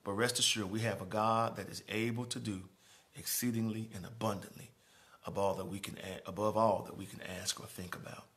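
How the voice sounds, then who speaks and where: A man preaching a sermon as pastor in a church, moving from quiet, conversational speaking to raised, emphatic preaching. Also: on the low side, fairly even intonation, brisk. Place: church sanctuary.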